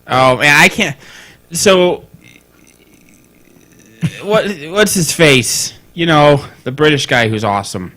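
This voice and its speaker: An animated man co-hosting a live podcast, his pitch jumping high when he gets excited. He swears freely and breaks into laughter often, chatting casually. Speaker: podcast co-host. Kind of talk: casual chat. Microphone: studio mic on a live stream.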